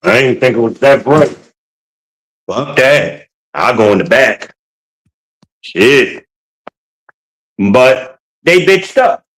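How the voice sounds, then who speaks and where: A man hosting a podcast, ranting in a casual, profane, animated way while walking around his home with a handheld phone. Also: medium pitch, slow, long pauses, poor audio. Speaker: podcast host. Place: at home, moving between rooms.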